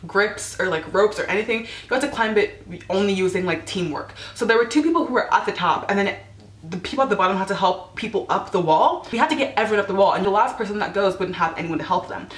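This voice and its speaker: A woman's voice: mid-range voice, expressive, quick pace, echoey room. A teenage girl telling embarrassing stories to camera in a chatty, casual way, peppered with "like" and acted-out quotes. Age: teens. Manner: chatty, lots of "like", acts out quotes. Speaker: vlogger.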